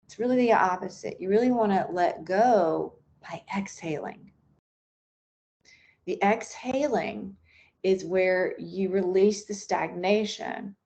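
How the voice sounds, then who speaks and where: A woman instructor talks a group through a guided breathing meditation. Her voice sits slightly low, and she speaks very slowly and softly. Her guidance is unscripted, with small fillers and restarts. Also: creaky.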